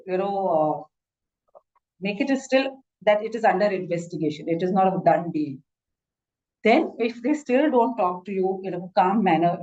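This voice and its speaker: The highs are cut off in this clip of a woman doctor with an Indian English accent teaching a masterclass. Her voice is medium-pitched and darkish in tone, and her instructive lecture is full of "you know" and sentence restarts.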